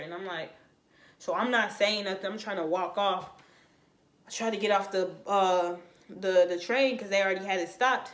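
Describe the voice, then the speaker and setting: Animated young woman telling a story, slangy. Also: medium pitch, normal speed. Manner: animated, slangy, acts out other people's lines. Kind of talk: casual storytime. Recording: echoey room.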